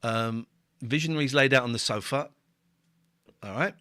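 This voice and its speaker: Give me an excitable, joking man hosting a livestream. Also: medium pitch, normal speed. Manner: excitable, jokey and sweary. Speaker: livestream host. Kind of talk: casual live commentary. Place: home living room.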